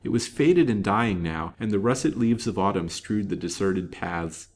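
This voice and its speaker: A man reading a serialized novel aloud in a measured, dramatic way. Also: on the low side, animated, darkish tone. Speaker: storyteller.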